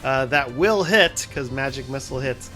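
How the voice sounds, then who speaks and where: A man's voice: medium pitch, lively intonation, normal speed, pushed and bright, soft background music. A man playing a tabletop game, joking and stumbling over his words. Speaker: player. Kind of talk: tabletop role-play.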